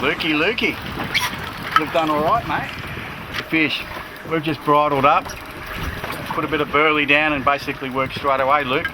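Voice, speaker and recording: A man with an Australian accent hosting a fishing show from a small boat, chatty and excitable. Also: fairly high pitch, normal speed, long pauses. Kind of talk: casual on-water commentary. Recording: outdoor boat noise.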